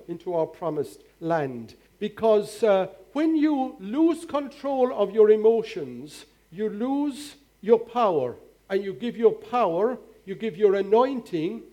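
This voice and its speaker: High-voiced older male pastor preaching. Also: mellow. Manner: earnest, exhorting with rhetorical questions. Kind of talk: sermon.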